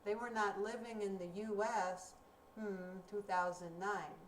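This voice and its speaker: A woman teaching a recorded grammar lesson, speaking slowly and clearly in a deliberate teaching manner. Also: medium pitch, fairly even intonation. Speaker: ESL teacher. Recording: roomy, distant mic with faint room noise.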